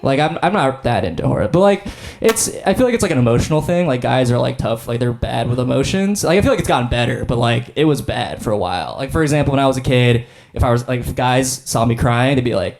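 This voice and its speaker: A man's voice: medium pitch, lively intonation, fast talker. Rambling laid-back young man doing stand-up. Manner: rambling, laid-back, filler-heavy with frequent "like" and "I don't know". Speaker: stand-up comedian. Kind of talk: stand-up comedy set. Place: comedy stage before a live audience.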